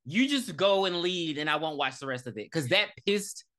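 A woman co-hosting a casual movie review podcast, retelling scenes with animated energy and frequent swearing. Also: low-pitched, moderate pace. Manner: animated retelling, acts out characters, profane. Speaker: podcast co-host.

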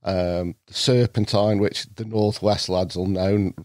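Unhurried and fairly low-pitched, a middle-aged man with a North Staffordshire English accent laughs often while telling lively stories as a podcast guest. The recording is studio quality with no room sound.

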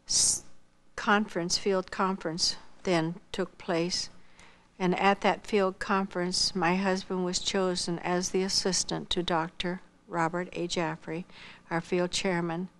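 Older woman, missionary recounting her story, earnest, acts out dialogue, goes soft and hushed at tender points. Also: fairly low pitch, little pitch movement, takes it slowly. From Iowa, United States. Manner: earnest, acts out quoted dialogue, drops softly toward a whisper at tender moments. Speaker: missionary giving her testimony. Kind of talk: personal testimony storytelling.

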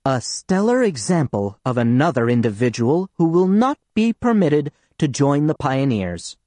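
A man reading the part of a prim female schoolteacher in an audiobook, raising his voice into a higher, lively register for her. Her syrupy politeness hardens into cold sternness. The sound is close and dry. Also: moderate pace, no room sound. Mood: sarcastic. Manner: sweetly polite, turning sharp and stern. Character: strict, sugary female Soviet schoolteacher.

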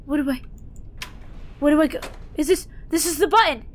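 A young woman with a high voice speaks fairly quickly as she commentates her own horror game playthrough for her YouTube gaming channel. Her let's play commentary is dramatic and jokey, and she shrieks when startled. A little hiss or hum is audible.

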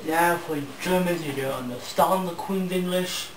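A man's voice: fairly high pitch, moderate pace, hardly any pauses, roomy sound, far from the mic, a little hiss or hum, poor audio. A man hosting a comedic parody, ranting in a blustery, mock-indignant way and sometimes slipping into fake foreign gibberish. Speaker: parody show host.

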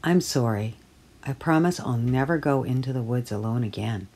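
A woman's voice: very deep voice, animated, moderate pace, dark tone, slightly rough, heavily acted. Franklin, a woman doing a timid little turtle boy. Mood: apologetic.

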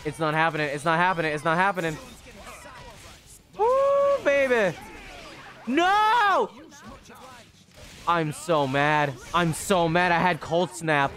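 Young guy streaming a game, kinda high voice, swears a lot and yells at the screen. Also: fairly even intonation, fairly quick, few pauses. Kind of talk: live gameplay commentary.

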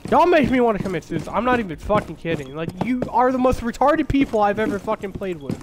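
High-voiced young man raging at a game. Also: lively intonation, fast talker, noisy background. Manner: angry, swearing, ranting at teammates. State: stuffy nose, sore throat. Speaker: streamer. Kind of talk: live gameplay commentary.

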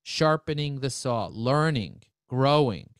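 Energetic joking man presenting a webinar. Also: mid-range voice, slow, clean tone, dry recording, studio quality. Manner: energetic, joking salesman patter.

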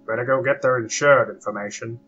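A man's voice: medium pitch, lively intonation, normal speed, bright, forceful tone, voice pushed up. A man voicing a stern, brusque starship captain who speaks in curt commands, in a comic rhymed parody. The recording is dull and lo-fi, with faint guitar behind.

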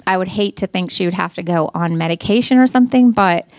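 A middle-aged woman telling her story as a mother, earnest and halting, often restarting her sentences. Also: fairly low pitch, darkish tone, dry recording. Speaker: mother giving a testimonial. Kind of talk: personal testimonial.

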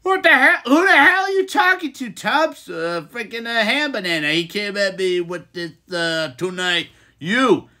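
A woman's voice: fairly high pitch, lively intonation, normal speed, hardly any pauses, sharp tone. A woman hosting a casual live stream, reading out chat comments and reacting with exasperated exclamations.

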